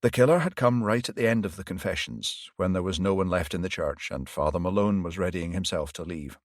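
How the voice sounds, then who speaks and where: A man with a low voice reads a crime novel aloud in an even, measured way. The recording is dry and close. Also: dry recording. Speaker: audiobook narrator. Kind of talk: scripted narration.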